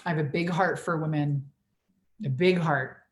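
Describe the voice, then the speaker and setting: A woman's voice: low voice, normal speed. A woman in her forties, a business coach on a livestream Q&A, talking in a blunt, profane, emphatic way. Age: 40s.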